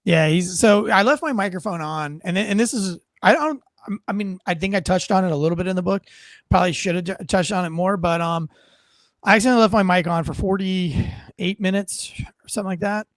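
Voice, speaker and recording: A man's voice: high-pitched, fairly quick, no echo. An American man, a former police officer turned comedian, telling stories bluntly and with self-mocking profanity in a casual interview. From United States.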